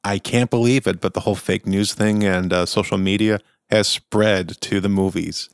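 A man's voice: on the low side, fairly even intonation, normal speed, gravelly, clear, resonant tone, no echo, studio quality. A man hosting a podcast, giving a casual, chatty and enthusiastic film review full of opinions. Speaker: podcast host.

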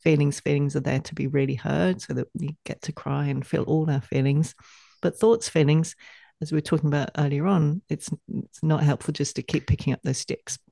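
Woman on a podcast, bit of fry in her voice, dry close sound, animated, laughs a lot. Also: deep voice, fairly quick, no room sound. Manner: animated, laughs while acting out inner voices. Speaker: podcast guest, mentor. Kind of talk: casual podcast conversation.

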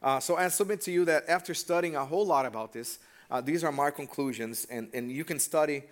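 A man's voice: a little high, brisk. A man preaching a conversational sermon in church and often turning to the congregation with questions. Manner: casual and direct, asks the congregation questions. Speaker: pastor.

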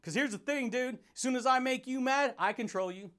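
High-voiced, fired-up motivational man. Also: fairly quick. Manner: energetic, laughing, calls listener dude and baby. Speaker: motivational podcast host. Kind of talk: hyped motivational monologue.

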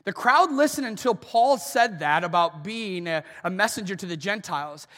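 A male pastor with a high, bright voice delivers a sermon in a church auditorium, his words ringing out with a long hall reverb. He tells the story in an animated way, slipping into the voices he quotes. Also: normal speed.

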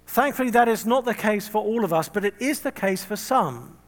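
A man's voice: high-pitched, expressive, brisk, in a large hall. A man preaching a sermon in a conversational way, telling stories with humorous, self-deprecating asides and acting out quoted voices.

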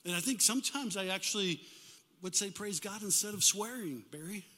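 An older man, a pastor, preaching a lively sermon to his congregation and calling for responses from them. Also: high-pitched, a little fast. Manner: animated, call-and-response preaching. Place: church sanctuary. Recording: hall reverb.

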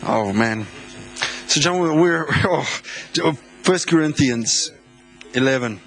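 A man from South Africa, a visiting pastor, preaching a sermon in a church, excitable, laughing often and repeating words. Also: mid-range voice, takes it slowly, faint music behind. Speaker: guest pastor.

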